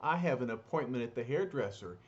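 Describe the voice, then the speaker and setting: A man's voice: mid-range voice, expressive, fairly quick, dull audio, lightly acted. A man voicing a prim female hero in his own everyday voice. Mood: fretful.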